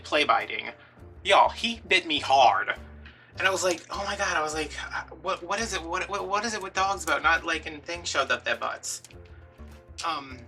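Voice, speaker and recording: A man, chatting and telling an animated story while he makes a craft at home. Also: a little high, recorded from a distance. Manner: chatty, animated, acts out quotes. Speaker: craft vlogger.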